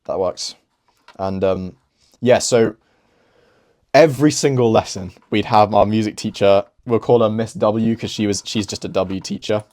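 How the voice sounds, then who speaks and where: A man's voice: on the low side, measured pace, a little mellow. A young man hosting, chatting casually over gameplay in a rambling, laughing way. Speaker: host.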